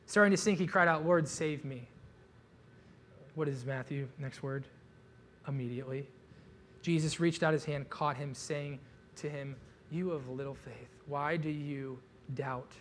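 A man delivers a sermon like a relaxed storyteller, cracking jokes and piling on casual fillers. His voice sits a little high for a man. The tone stays conversational rather than formal. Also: a little slow, long pauses, slight background noise. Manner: casual, joking, animated storytelling with many "like" fillers. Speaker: pastor.

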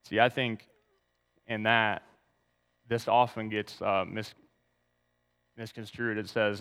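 A man's voice: fairly low pitch, little pitch movement, slow, pauses often, fairly bright tone, clear, resonant tone, big-room sound. A man preaching a sermon, reading scripture aloud and asking the congregation to turn to verses. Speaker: pastor.

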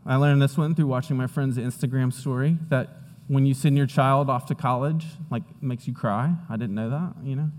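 A young man preaches to his congregation in an easy, conversational tone, slipping into animated retellings of his own stories. His voice has a middling pitch and carries the long reverb of a large church hall. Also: normal speed. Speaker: pastor. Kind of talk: sermon.

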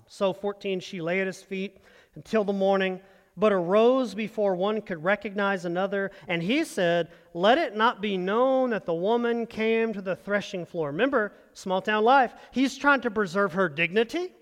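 A man preaching a sermon as pastor, animated, leading the congregation in call-and-response. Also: sits high. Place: church sanctuary. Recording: long hall reverb.

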